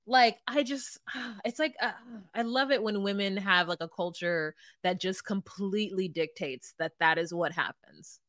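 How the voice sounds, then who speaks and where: A woman's voice: mid-range voice, measured pace, few pauses, a bit bright, no echo, clean studio sound. A woman co-hosting a podcast, recapping a reality show in rambling, giggly casual chat. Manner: rambling, giggly, restarts sentences. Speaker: podcast co-host.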